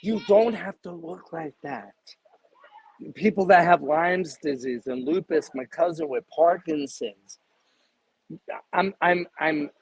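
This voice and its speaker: A man in his fifties, a guest in a casual interview, talking in an emphatic, salesy pitching way. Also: slow, a little hiss or hum, low-quality recording. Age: 50s.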